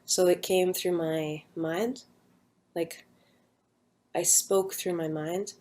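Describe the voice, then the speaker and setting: A young woman casually recounting a personal near-death story, rambling with many fillers and an earnest, hushed manner. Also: lowish voice, steady tone, slow pace.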